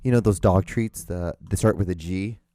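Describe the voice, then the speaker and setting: A man's voice: low-pitched, moderate pace, warm tone, dry recording. A man hosting a podcast from home, rambling casually with profanity and many restarts, and gushing about his dog. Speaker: podcast host.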